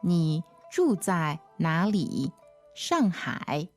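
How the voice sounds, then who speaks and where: A woman teaching a language lesson, repeating phrases slowly and patiently. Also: low-pitched, very animated, a little mellow, faint music behind.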